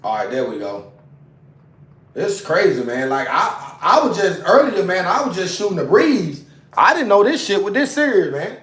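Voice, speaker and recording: A man's voice: high-pitched, very animated, moderate pace, fairly bright tone, distant mic. A man on a casual livestream, talking in an agitated, profane way and repeating himself, recorded away from the mic. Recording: roomy sound, away from mic.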